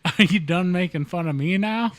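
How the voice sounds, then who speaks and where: A man's voice: high voice, moderate pace. A man joking and laughing as a player in a casual tabletop game. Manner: laughing, teasing.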